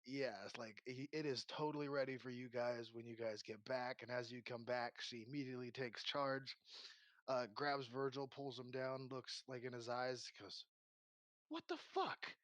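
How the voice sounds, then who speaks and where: A man's voice: mid-range voice, level tone, normal speed, a bit bright, dry recording. A man narrating as game master for a tabletop game, in a casual, rambling way full of fillers.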